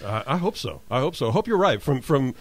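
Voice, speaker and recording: A male interview host who keeps things moving with short affirmations and easy sports talk. His pitch swings freely, and the recording is dry and close. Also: sing-song, fast talker, dry recording. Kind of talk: casual interview chat.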